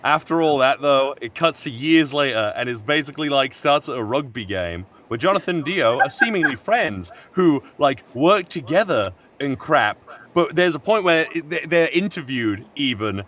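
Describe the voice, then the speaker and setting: A man with a bright, forceful, slightly raised voice retells an anime plot in casual fan chat. He gets excited and swears freely as he talks. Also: a little high, moderate pace, a little hiss or hum. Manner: excited, profane storytelling. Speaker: co-host.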